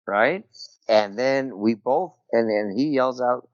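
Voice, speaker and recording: A middle-aged military veteran telling a personal story as a podcast guest, talking loosely and peppering it with "you know" and "right?". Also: male voice, lowish voice, moderate pace, dry recording. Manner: rambling, full of "you know" and "right?" tags. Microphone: remote call over Skype. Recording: dull, dry call audio.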